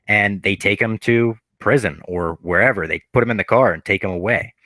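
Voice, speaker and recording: A low-voiced man talks through a TV episode on a casual podcast, recorded dry and close to the mic. He tells it with energy and drops into brief impressions of the characters as he goes. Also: a little fast, no room sound. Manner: animated retelling, acts out quoted characters. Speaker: podcast co-host.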